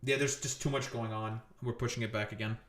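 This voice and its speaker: A man's voice: mid-range voice, fairly even intonation, a little fast, fairly bright tone, echoey room, slight background noise. A man ranting on a live stream in a profane, sarcastic, exasperated way.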